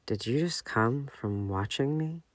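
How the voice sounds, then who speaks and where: A man's voice: mid-range voice, lively intonation, unhurried, dry recording, lightly acted. A man voicing a flustered, tearful young man. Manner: choked, stammering, apologetic.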